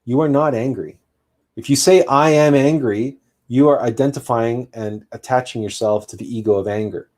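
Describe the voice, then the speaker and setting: A man's voice: mid-range voice, steady tone, brisk, darkish tone. Male host, spiritual talk; earnest, emphatic, loose delivery with frequent restarts.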